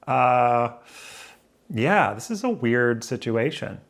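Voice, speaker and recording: Near a window indoors, a man addresses the camera in front of him with an expressive, measured, fairly bright voice of medium pitch. Vocal fry and long pauses mark his casual, musing talk as he rambles and second-guesses himself.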